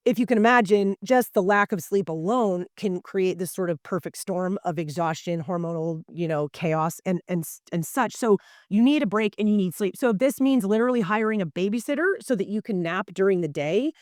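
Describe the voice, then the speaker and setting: A woman's voice: mid-range voice, brisk, few pauses, a little mellow, no echo. A woman co-hosting a casual health podcast, voice in the middle of the range for a woman. She talks earnestly and with emphasis, right to her listeners. The sound is dry and close. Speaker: podcast co-host.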